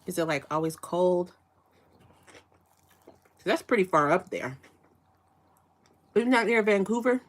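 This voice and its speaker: A woman's voice: fairly low pitch, expressive, takes it slowly, long pauses. A woman from Chicago hosting a casual live chat, asking rambling questions with frequent restarts and fillers. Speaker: livestream host.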